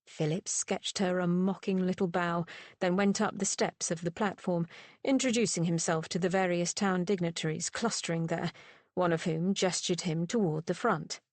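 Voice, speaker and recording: A woman narrating a romance novel in a measured, even storytelling manner. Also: on the low side, dry recording. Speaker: audiobook narrator. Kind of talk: scripted narration.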